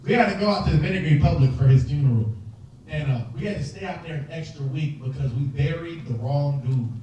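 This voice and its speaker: A young man performing a stand-up comedy set, telling animated stories and acting out quoted voices, recorded on stage with an audience laughing. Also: a little high, quick pace, lo-fi sound, a little hiss or hum. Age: young adult. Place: stage before a live audience. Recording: roomy hall, distant mic, crowd laughter.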